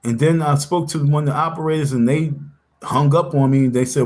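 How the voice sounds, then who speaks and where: Man, livestream host, casual rant, repetitive, insistent, confrontational, medium pitch. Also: a little fast, darkish tone.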